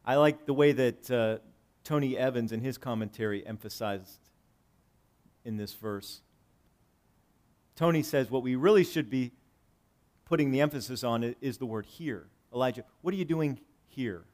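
A male pastor preaching a sermon, swinging between loud emphatic lines and hushed low ones, reading scripture and explaining it conversationally. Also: moderate pace, long pauses. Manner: reads scripture aloud and paraphrases it conversationally.

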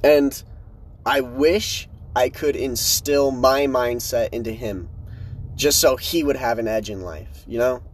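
Husky young man rambling on a podcast. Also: mid-range voice, takes it slowly. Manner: casual, swearing, animated slangy talk. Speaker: podcast host. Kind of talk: casual monologue podcast. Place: inside his truck in a parking lot.

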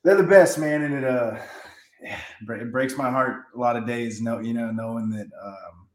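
Laid-back man guest in an echoey room. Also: mid-range voice. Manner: laid-back, halting with restarts. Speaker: guest wrestler. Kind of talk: casual interview chat.

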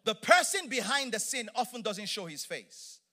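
Middle-aged male preacher, high and bright tone, emphatic, lively sermon delivery. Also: normal speed. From Nigeria. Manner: animated, emphatic, playful asides.

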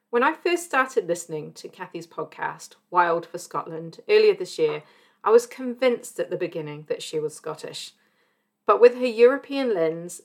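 A woman from New Zealand hosting a podcast, reading a scripted intro and then asking interview questions. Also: fairly low pitch. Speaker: podcast host.

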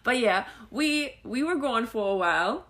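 A woman co-hosting a family podcast, chatting in an upbeat, easygoing way and quick to laugh. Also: fairly high pitch, animated, fairly bright tone. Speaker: podcast co-host; mother and entrepreneur. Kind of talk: casual chat.

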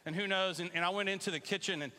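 A male pastor delivers a chatty, animated sermon with a high, bright voice. His talk rolls on with restarts and sudden loud calls to the crowd, and the sound carries a long reverb from a large hall. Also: very fast. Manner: conversational and animated, with bursts of loud call-and-response. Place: church sanctuary.

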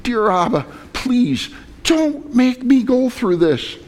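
A man voicing a son who pleads with his father in anguish, his voice rising high and strained. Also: sing-song, takes it slowly, full character voice. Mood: pleading.

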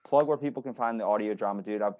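Joking low-voiced male podcast host. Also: fast talker, a little mellow, dry recording. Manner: joking, loose, swears casually. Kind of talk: casual chat.

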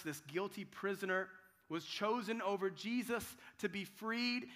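Bright-voiced preaching pastor, man. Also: high voice, animated, normal speed. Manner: dramatic, swings from loud cries to hushed tones; restarts and repeats words while telling the story. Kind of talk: sermon.

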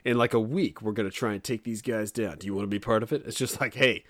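A man's voice: lowish voice, fast talker, a bit bright, no room sound, studio quality. A man hosting a casual conversation, joking and laughing often, acting out silly voices. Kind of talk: casual chat.

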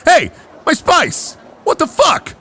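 A man voicing pushy, gruff male desert spice traders in a tabletop game, with a loud, demanding manner. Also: very high voice, huge pitch swings, takes it slowly, slight background noise, pitched above the performer's own voice, heavily acted. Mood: outraged.

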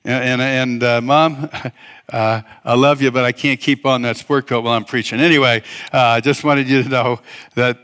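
A man's voice: mid-range voice, fairly even intonation, moderate pace, fairly bright tone, smooth. A man preaching a church sermon as pastor, speaking emphatically, calling out questions for the congregation to answer, and often restarting his phrases. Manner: emphatic, with call-and-response and many restarts. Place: church service.

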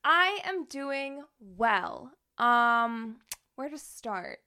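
A young woman co-hosting a chatty podcast, her pitch sitting a little high and swinging widely as she talks. She is excitable, gasps and laughs easily, and swears without a second thought. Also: extremely slow. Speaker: podcast co-host. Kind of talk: casual chat.

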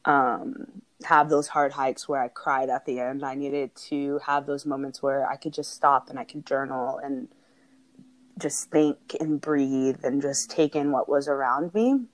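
Low-voiced earnest woman podcaster. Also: steady tone, a little slow. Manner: earnest and heartfelt, often laughing. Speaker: podcast co-host. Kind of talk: casual podcast conversation.

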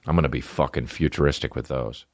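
A comedy podcast host with a very low voice rants fast and casually, cursing freely as his thoughts wander. He mutters asides, then yelps up high in loud, sudden outbursts. The recording is close and dry, with no room sound.

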